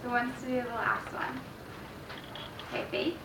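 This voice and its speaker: A woman's voice: fairly high pitch, fairly even intonation, a little slow, creaky. A young woman student teacher leading a classroom lesson with small children, encouraging them, praising every answer and laughing often. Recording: echoey classroom recorded from far off, background noise.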